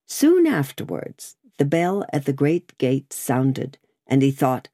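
Expressive woman audiobook narrator. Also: a bass voice, measured pace, few pauses, husky, dry recording, clean studio sound. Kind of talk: scripted narration.

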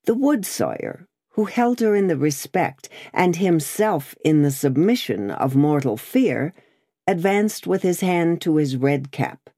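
A woman narrating an audiobook with a very low, dark voice that moves lively across her range. She reads slowly and expressively. The recording is dry and close. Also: no room sound.

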